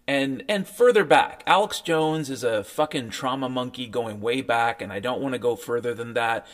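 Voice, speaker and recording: A man's voice: mid-range voice, moderate pace. A man ranting in a sardonic, profane monologue as a podcast host, mocking what others tell him. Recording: faint piano music behind.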